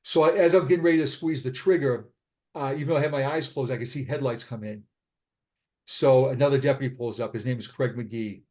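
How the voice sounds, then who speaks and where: Middle-aged male guest, earnest and halting, mid-range voice, often repeats himself. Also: mid-range voice, darkish tone. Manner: earnest, halting, with frequent repetitions. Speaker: podcast guest, retired police sergeant. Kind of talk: personal storytelling in an interview. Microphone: remote call.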